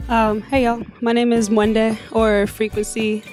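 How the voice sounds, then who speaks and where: A woman's voice: fairly high pitch, level tone, unhurried, a little mellow, faint music behind. A woman from Africa, a poet and youth worker, sharing personal testimony at a community gathering in an earnest, reflective way.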